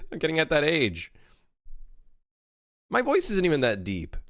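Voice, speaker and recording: A man's voice: fairly high pitch, sing-song, a little fast, fairly bright tone, no room sound, studio quality. A man in his late twenties, a game developer chatting casually on a livestream as he works, reading chat aloud and rambling with plenty of swearing. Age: late 20s.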